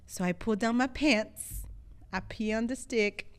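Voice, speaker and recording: A woman co-hosting a casual podcast chat, telling a story with animated acted-out quotes. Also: on the high side, a little slow, clean tone. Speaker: podcast co-host.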